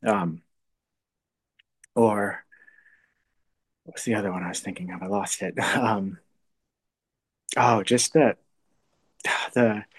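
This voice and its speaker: A man with a somewhat low voice talks through a faith topic in an unscripted, reflective way. He pauses, restarts and sometimes lets his voice sink almost to a whisper. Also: husky. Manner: thoughtful, halting, often trails to a soft hush. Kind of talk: casual spoken reflection on faith.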